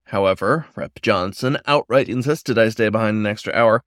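A man reading a first-person story aloud in a measured, steady, reflective way. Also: fairly low pitch, dry recording, studio quality. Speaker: audiobook narrator.

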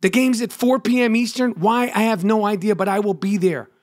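A middle-aged man, hosting a podcast in a profane, comedic rant that bursts into yelling. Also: sits high, fairly even intonation, a little fast. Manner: profane, ranting, yells in bursts. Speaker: podcast host.

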